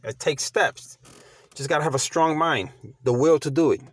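With no room sound on the recording, a middle-aged man gives slangy, casual motivational talk at a moderate pace in a slightly high voice. He's a vlogger who speaks emphatically and conversationally, repeating himself when he restarts phrases.

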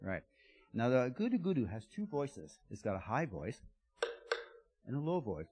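A man's voice: medium pitch, very animated, moderate pace, noisy background. A man giving a playful children's talk at a church service, asking the kids lots of questions. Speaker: guest speaker giving children's blessing. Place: church sanctuary.

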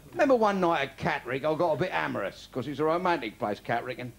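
A man's voice: a little high, sing-song, fairly quick, creaky, husky. An older man from London with a Cockney accent, delivering a bawdy stand-up comedy routine in punchy one-liners. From London, England.

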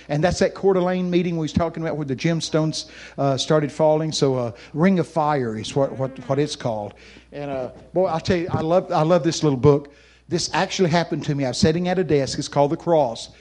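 An older man, preaching in a folksy way and telling stories, then speaking quietly and personally to people. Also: on the high side. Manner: folksy, animated storyteller who then talks softly and personally to listeners. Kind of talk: folksy sermon storytelling.

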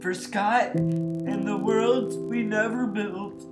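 A man recording a let's play, reading lines aloud in a slow, halting, tearful way while crying. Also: high-pitched, steady tone. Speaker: gaming video creator. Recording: echoey room with loud music. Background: loud guitar music.

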